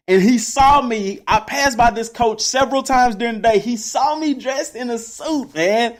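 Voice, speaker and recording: A man's voice: extremely high pitch, moderate pace, hardly any pauses. A young man from Texas, telling a personal story casually to his listeners. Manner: animated, addresses listeners as y'all. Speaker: podcast host.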